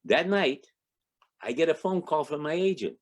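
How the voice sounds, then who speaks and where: A man in his eighties from Toledo, Ohio, telling an anecdote to a club audience as a guest speaker, chuckling and acting out the dialogue in a raised voice. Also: moderate pace. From Toledo, Ohio, United States. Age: 80s. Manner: lively raconteur, acts out quoted dialogue with raised pitch; chuckles between lines, frequent restarts.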